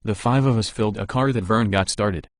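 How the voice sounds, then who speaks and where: A man's voice: lowish voice, a little fast, no echo, studio quality, close to an everyday voice. A man voicing a matter-of-fact male pilot.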